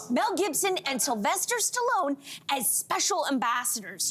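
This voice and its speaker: A woman hosting a daytime talk panel, playful and leading the discussion. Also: sits high. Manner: lively, playful, leads the topic. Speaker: talk show host.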